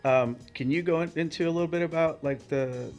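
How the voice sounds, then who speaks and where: A man interviewing a guest in casual conversation, asking halting questions with short reactions. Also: fairly high pitch, a little mellow, highs cut off, faint music behind.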